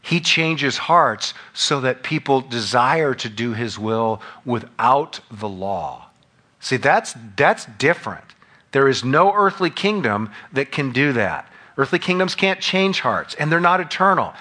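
Guy preaching, reads bible verses and acts out the scene, bright forceful voice. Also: medium pitch, sing-song, a little slow. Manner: expository, reads scripture aloud and acts out scenes. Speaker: pastor. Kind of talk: sermon.

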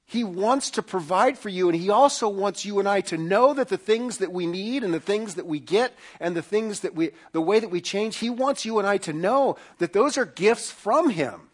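A man's voice: high voice, lively intonation, normal speed, few pauses, breathy edge. A man giving an earnest sermon as pastor, often repeating words as he builds his point.

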